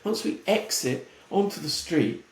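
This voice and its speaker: A man from the United Kingdom, a retail futurist, talking in a casual podcast conversation, animated and breaking into quick impressions of other people. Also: on the high side, roomy sound. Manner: animated, mimics voices in quick asides.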